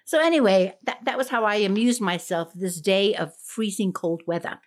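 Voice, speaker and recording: A woman's voice: mid-range voice, normal speed. A woman co-hosting a gardening podcast in a chatty, amused way, laughing often. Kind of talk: casual chat.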